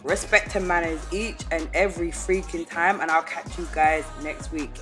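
A woman's voice: lowish voice, steady tone, moderate pace, over music. A woman hosting a podcast, chatting casually and playfully with slang, thanking her guest and her listeners. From Caribbean heritage. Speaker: podcast host.

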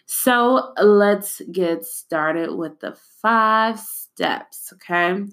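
A woman's voice: medium pitch, drawn-out words, a bit bright. A young adult woman hosting a podcast, talking in a chatty, personal way and often addressing listeners as "y'all.". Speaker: podcast host. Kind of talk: casual podcast monologue.

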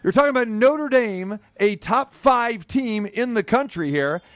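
A man's voice: very high-pitched, lively intonation, unhurried, no room sound. A man hosting sports talk, arguing his point in an insistent, emphatic way. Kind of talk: sports radio commentary and debate.

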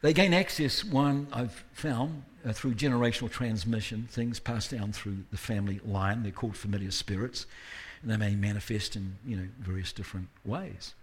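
A man's voice: on the low side, normal speed, few pauses, a little hiss or hum. A man giving a guest sermon at a church service, talking in a conversational way with self-deprecating asides and rising emphasis. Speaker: guest preacher.

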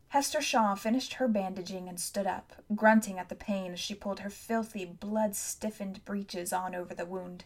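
A woman narrating a novel for an audiobook, measured and even. Her voice sits in a middle range and keeps a steady storytelling pace. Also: medium pitch.

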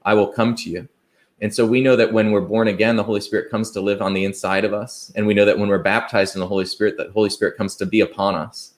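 A man's voice: on the low side, little pitch movement, fast talker. Earnest man preaching a sermon. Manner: earnest, asks rhetorical questions, quotes scripture; conversational, with fillers and restarts.

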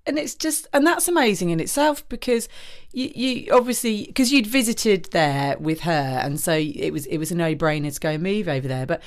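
Woman interviewer, lower voice. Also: moderate pace. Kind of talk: casual interview.

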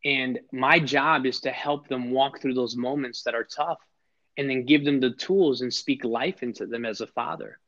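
A man's voice: mid-range voice, fairly even intonation, moderate pace, fairly bright tone. A middle-aged man, a podcast guest, telling personal stories in an earnest, emphatic way and often restarting his sentences. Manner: earnest, emphatic, repeats words when starting sentences. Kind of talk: heartfelt conversational storytelling. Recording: slightly dull lo-fi sound.

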